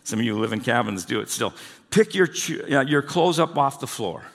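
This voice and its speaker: A man's voice: medium pitch, lively intonation, brisk, creaky, fairly bright tone. Man preaching a conversational sermon in a hall. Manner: conversational, asks the congregation questions. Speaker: pastor. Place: church hall. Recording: long hall reverb.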